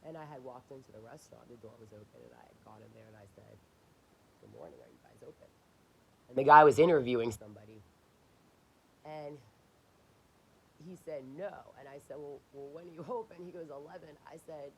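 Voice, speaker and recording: A woman's voice: low voice, animated, fairly quick, creaky, slight background noise, low-quality recording. A woman ranting in a casual diary video, indignant and swearing as she retells arguments. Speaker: diary vlogger. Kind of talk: casual personal rant.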